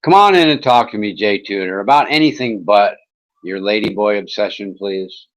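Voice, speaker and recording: A man's voice: fairly low pitch, normal speed, low-quality recording. A man hosting an internet talk show, chatting in a casual, rambling way with mocking sarcasm and swearing.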